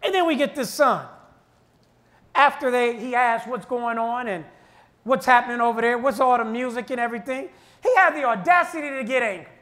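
Fervent high-voiced preaching man. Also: a little fast. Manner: fervent preaching with shouted repeated refrains. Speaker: minister. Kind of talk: sermon.

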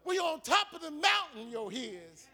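A male preacher delivering a call-and-response sermon, shouting and chanting lines in rising waves and repeating himself. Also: very high-pitched, very animated, moderate pace.

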